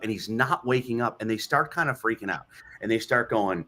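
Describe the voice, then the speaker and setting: Quick bright-voiced comedian guy, pitch bouncing all over, does little voices in his stories. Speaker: comedian guest. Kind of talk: casual chat, telling comic stories.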